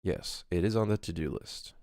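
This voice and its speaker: A man's voice: low-pitched, normal speed, a little mellow, no echo, clean studio sound. A man in his late twenties, a game developer chatting casually on a livestream as he works, reading chat aloud and rambling with plenty of swearing. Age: late 20s.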